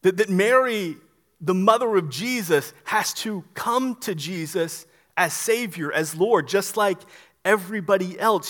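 Man, high voice, pastor delivering a sermon, earnest, repeats words as he restarts. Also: fairly bright tone. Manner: earnest preaching, frequent stammered restarts.

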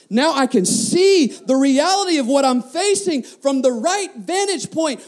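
A man's voice: extremely high pitch, darkish tone. A man preaching a sermon as a pastor, passionate, often repeating words and asking the congregation questions.

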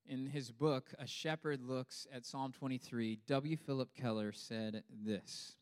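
A male pastor delivering a lively sermon with humor, building up for emphasis and then dropping low and quiet. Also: unhurried, few pauses. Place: church hall. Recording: long hall reverb.

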